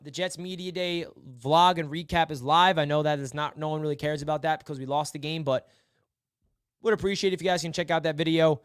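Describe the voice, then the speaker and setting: A man's voice: on the high side, smooth, dry recording, clean studio sound. A young man hosting a casual live sports stream, rambling and mock-despairing, repeating himself.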